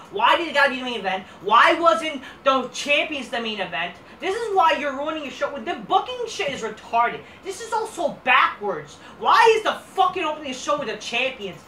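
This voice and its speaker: A woman's voice: high voice, very animated, brisk, few pauses, pushed and bright, a little hiss or hum. Profane, exasperated woman ranting. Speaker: host. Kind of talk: ranting wrestling review. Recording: roomy echo from distant mic.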